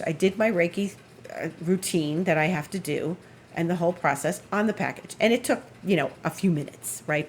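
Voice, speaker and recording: A woman's voice: medium pitch, slight background noise. A woman host telling a story in a casual, amused way, chatting at home. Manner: chatty, amused, acts out others' lines in raised voice. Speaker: astrologer and Reiki practitioner, show host.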